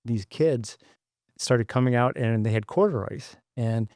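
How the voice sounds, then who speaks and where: A man's voice: medium pitch, measured pace, darkish tone, dry recording, studio quality. A man in his sixties from Michigan, a podcast guest rambling through memories of his childhood with many asides. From Michigan, United States. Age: 60s. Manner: rambling, many fillers and restarts. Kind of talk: reflective storytelling.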